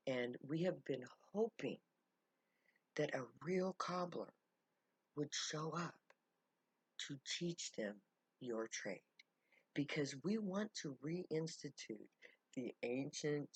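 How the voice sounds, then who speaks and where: A woman's voice: a bass voice, husky, no echo, heavily acted, low-quality recording. A woman doing an earnest formal camp guide.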